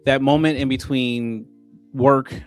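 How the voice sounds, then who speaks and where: A man's voice: mid-range voice, steady tone, slow, soft background music. Candid man in his late thirties. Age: late 30s. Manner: candid, reflective, gets emotional. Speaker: podcast guest. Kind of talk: casual interview chat.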